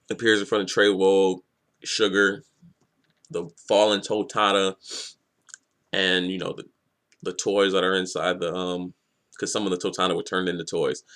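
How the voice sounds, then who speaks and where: A man giving a casual, profane, animated manga review. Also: sits low.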